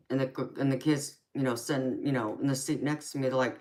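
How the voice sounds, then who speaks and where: A woman's voice: a bass voice, fairly even intonation, a little fast, hardly any pauses, a little mellow. A woman with a Southern US accent in casual live chat as a tarot reader, laughing often and calling listeners "baby". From United States.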